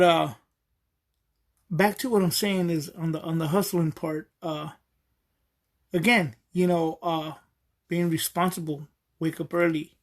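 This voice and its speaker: A man hosts a podcast in a loose, rambling monologue, his voice sitting a little high. He wanders through his stories with lots of ums and restarts and often chuckles as he goes. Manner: rambling, with many fillers and restarts. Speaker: podcast host.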